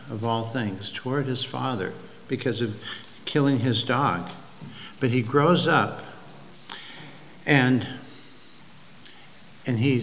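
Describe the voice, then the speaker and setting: Male preacher, slow and deliberate sermon delivery, halting restarts, long church-hall reverb. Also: medium pitch, fairly bright tone. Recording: long hall reverb, faint ambient noise.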